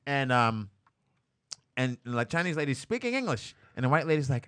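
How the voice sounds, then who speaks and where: A man telling comic stories in casual podcast talk. His voice is bright and forceful. He acts out what people said and laughs often. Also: medium pitch, moderate pace. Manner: animated storyteller, laughs often, acts out quotes. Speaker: comedian guest. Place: studio, live-streamed.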